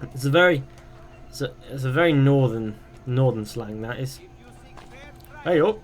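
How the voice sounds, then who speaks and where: A young gaming streamer chats casually during a live game, reading viewers' questions out loud and then rambling through answers. His voice is medium in pitch at a moderate pace, with faint music behind.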